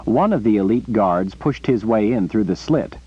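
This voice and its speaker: A man reading an audiobook in a lively storytelling way. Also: fairly low pitch, moderate pace, slightly rough. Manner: animated storytelling. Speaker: audiobook reader. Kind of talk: scripted narration. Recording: muffled lo-fi recording.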